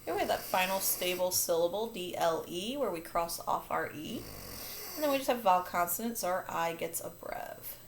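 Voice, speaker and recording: A woman's voice: lowish voice, expressive, moderate pace. Woman teacher doing a phonics lesson, upbeat + patient, faint background hiss. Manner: upbeat, patient, self-correcting.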